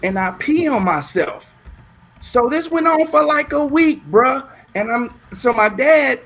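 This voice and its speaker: A man from Southern California telling a long story in a casual chat, animated and repeating words as he goes. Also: very high voice, a little slow. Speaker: guest.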